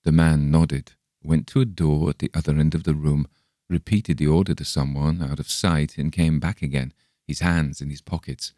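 Deep-voiced man reading a story. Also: fairly even intonation, moderate pace, dark tone, no echo, studio quality. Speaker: audiobook reader. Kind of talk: scripted narration.

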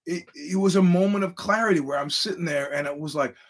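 Rambling, animated male podcast host. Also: on the high side, quick pace. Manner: rambling, animated, acts out quoted voices. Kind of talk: casual storytelling monologue.

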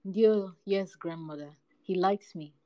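A woman's voice: fairly low pitch, slow, mellow. A woman voicing a curious little girl who asks her grandmother for stories. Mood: eager.

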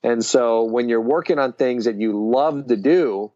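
A man's voice: medium pitch, a little slow, dark tone, lo-fi sound. A man co-hosting a casual business chat, rambling with lots of fillers and restarts. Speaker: podcast co-host.

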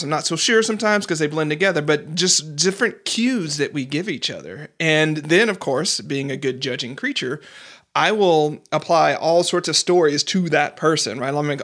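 A man's voice: a little high, moderate pace, a bit bright. A man hosting a podcast interview, talking reflectively in a casual way and acting out the voices he quotes with small laughs. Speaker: podcast host.

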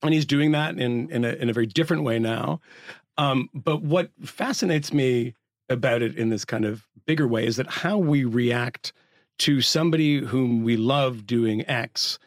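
A man's voice: medium pitch, moderate pace, no room sound, studio quality. A man co-hosting a casual panel discussion, blunt and dismissive with a wry edge. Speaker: podcast co-host.

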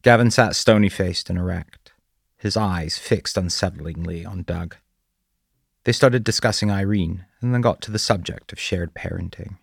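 A man narrating a story in a measured, quiet way. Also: low-pitched, steady tone, creaky, slightly rough, no echo, studio quality. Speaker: audiobook narrator. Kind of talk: scripted narration.

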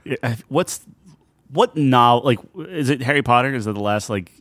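A man's voice: medium pitch, moderate pace, fairly bright tone, no echo, clean studio sound. A man in his thirties co-hosting a casual chat, rambling and cutting himself off, often laughing. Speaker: podcast co-host.

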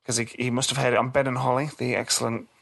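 A man's voice: mid-range voice, flat delivery, quick pace, creaky, fairly bright tone. A man in his thirties co-hosting a casual podcast chat, joking and laughing often. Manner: jokey, laughs often, repeats phrases. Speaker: podcast co-host.

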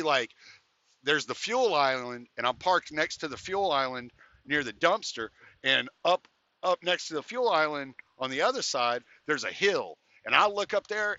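A man, a podcast guest, telling stories in a casual, profane, animated way, recorded lo-fi. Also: fairly high pitch. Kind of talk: casual storytelling.

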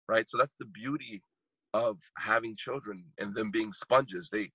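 A man's voice: lowish voice, a little slow, sharp tone, slightly rough, no echo, dull audio. A man in his thirties, a podcast guest and motivational speaker, telling a heartfelt story with emphatic repetition while choked up. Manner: emphatic, repeats phrases for impact.

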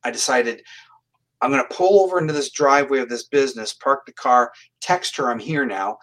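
Earnest, plain-spoken man from Canada, bright and forceful delivery, interview guest telling stories. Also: mid-range voice, fairly quick, low-quality recording. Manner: earnest, plain-spoken, restarts his phrases. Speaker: psychic medium guest. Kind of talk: storytelling in an interview.

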